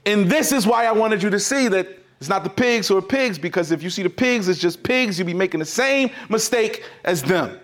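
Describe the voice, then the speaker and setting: High, lively-voiced preaching pastor. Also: male voice, fairly quick, few pauses. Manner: emphatic, repetitive preaching with sudden swings in loudness. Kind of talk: sermon.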